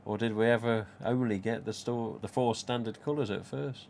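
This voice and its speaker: A man chats loosely on a live stream, wandering from point to point and reading viewers' messages aloud. His voice sits a little low. A faint hiss of room noise runs under the recording. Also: fairly even intonation, moderate pace, creaky, darkish tone. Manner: chatty, rambling, reads viewer comments aloud. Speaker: live stream host, mask collector. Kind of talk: casual live stream chat.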